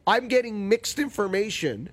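A male talk-radio host, sitting a bit high and swooping all over the place as he rants. He sounds grumpy and exasperated, and he talks straight into a studio mic. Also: sing-song, normal speed. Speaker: radio golf show host. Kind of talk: animated talk-radio chat.

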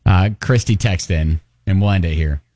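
A man's voice: sits low, moderate pace, warm tone, no echo. A man hosting a morning radio call-in show, laughing and playful with callers.

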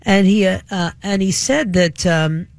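A woman's voice: medium pitch, a little slow, no echo. A woman hosting a talk radio show, delivering an opinionated, rambling monologue full of fillers and restarts.

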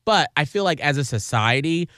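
A man's voice: fairly high pitch, lively intonation, moderate pace, a bit bright, no echo, studio quality. Earnest man in casual chat. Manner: reflective, earnest, many "like" fillers.

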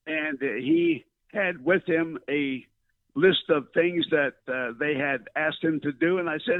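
A man's voice: on the high side, lively intonation, unhurried, gravelly, dry recording. An older man, a veteran broadcaster reminiscing in a rambling storytelling way, full of fillers and restarts, heard over the phone. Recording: tinny dry phone line.

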